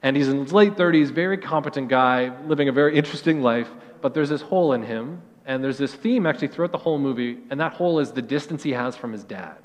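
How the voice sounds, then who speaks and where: A middle-aged man delivers a sermon in a church. His voice sits at an ordinary pitch and carries a long reverb. He tells stories earnestly and sinks soft on the lines that matter. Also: quick pace, hardly any pauses. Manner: earnest storytelling, drops soft at key phrases. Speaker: pastor.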